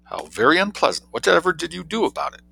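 A man reading an audiobook, voicing a chatty, excitable young society woman who asks eager questions in a raised voice. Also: fairly high pitch, fast talker, creaky, slight background noise, pitched above the performer's own voice, exaggerated voice.

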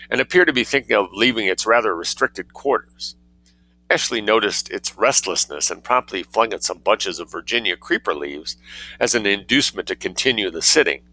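A man narrating a story in a measured, wry reading. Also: on the low side, lively intonation, pushed and bright, no room sound, rough recording.

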